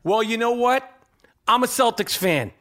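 With a very high voice that sounds pushed and bright, this man hosts a sports podcast and reads an ad, expressive yet unhurried. He is brash and foul-mouthed, wandering off on tangents and constantly asking "okay?".

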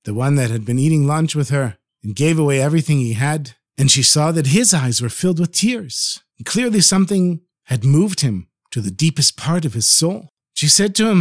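A man with a fairly high voice tells a traditional folk tale in a gentle, earnest way. He drops in Hebrew and Yiddish words as he goes. The recording is dry and close. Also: animated, moderate pace, hardly any pauses, no echo. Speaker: storyteller. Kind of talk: storytelling narration.

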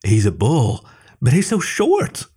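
A man voicing a nosy, flustered raccoon woman in a high, prim voice. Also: wildly swooping pitch, slow, mellow, slightly rough, exaggerated voice. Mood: surprised.

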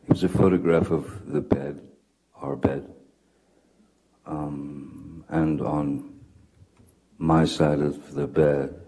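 Very deep, slow, husky man. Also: flat delivery, dark tone. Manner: deliberate, with long pauses and ums. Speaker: witness in a deposition. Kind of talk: slow, halting testimony.

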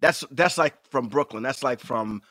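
A man co-hosting a podcast in casual chat, animated and emphatic, swearing freely. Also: medium pitch, moderate pace, no room sound, studio quality. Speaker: podcast co-host.

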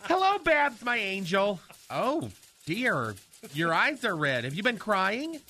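Flamboyant fussy gossip, high-pitched, slow drawling delivery, bright voice, comedy radio sketch. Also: male voice, big pitch swings, exaggerated voice. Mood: campy gossip. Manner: campy, sing-song, dramatic sighs. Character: flamboyant fussy middle-aged man, gossipy and theatrical.

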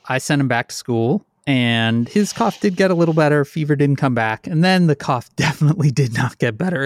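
Middle-aged male podcast co-host, rambling self-deprecating storyteller, winded, mid-pitch, dry close sound. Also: no room sound. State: out of breath. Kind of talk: casual chat.

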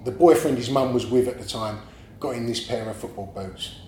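A man, a guest telling animated stories in casual chat, often laughing and swearing. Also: mid-range voice, brisk. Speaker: guest artist. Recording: echoey room, faint background noise.

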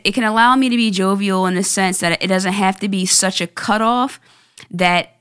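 A woman in her twenties hosting a solo podcast, talking earnestly and reflectively, with halting restarts and repeated words. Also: medium pitch, a bit bright, no echo, studio quality. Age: 20s. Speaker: podcast host.

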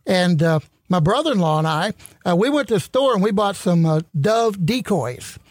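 A man's voice: sits high, lively intonation, moderate pace, dry recording. A man on a radio show telling a folksy story with chuckles between lines. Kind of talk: casual storytelling.

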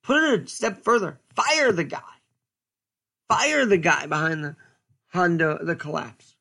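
Man, fairly high pitch, gravelly voice, stern, deliberate solo commentary. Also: sharp tone. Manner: earnest, stern, deliberate with pauses. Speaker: podcast host.

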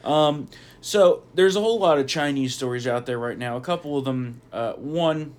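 A man's voice: mid-range voice, normal speed, a little mellow. A man hosting a casual news talk podcast, blunt and sarcastic with frequent swearing, his voice a bit worn. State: losing his voice. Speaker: podcast host.

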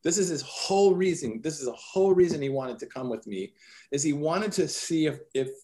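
A man's voice: a little high, brisk. A man being interviewed, earnestly telling a personal story and acting out bits of dialogue. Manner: earnest, animated retelling with quoted dialogue. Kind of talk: conversational storytelling.

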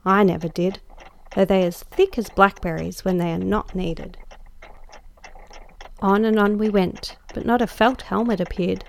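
A woman narrating a classic story aloud as guest host, measured and dryly expressive. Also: mid-range voice, vocal fry, a little hiss or hum. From Australia. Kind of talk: audiobook narration.

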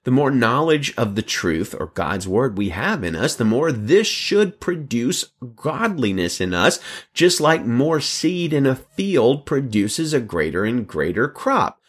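A man delivering a sermon in an animated storytelling manner. His pitch moves widely, jumping high on emphatic lines and dropping low for asides. He speaks at a middling pitch. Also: a little slow. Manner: animated preaching with emphatic rises; storytelling, quoting another preacher. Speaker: pastor.

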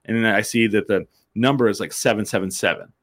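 Low-voiced man telling a rambling story. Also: quick pace, fairly bright tone. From New Mexico, USA. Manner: rambling, profane, laughs often. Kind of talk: casual storytelling chat.

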